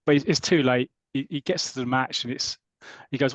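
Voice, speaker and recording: A man's voice: mid-range voice, fairly even intonation, fast, hardly any pauses, no room sound. Man retelling a comic story. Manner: retells a story with quoted voices and laughs. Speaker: podcast co-host. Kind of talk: casual chat.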